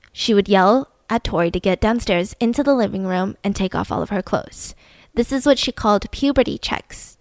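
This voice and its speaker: A woman's voice: fairly high pitch, dry recording. A woman host telling a true-crime story in a chatty, conversational way, with asides to her co-host.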